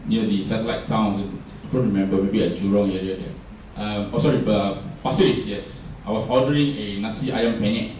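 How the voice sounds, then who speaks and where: In a workshop talk, a Singaporean-accented man speaks with a fairly low, slightly mellow voice, keeping things conversational and constantly asking the audience questions. A distant microphone captures echoey room sound and a little hiss or hum.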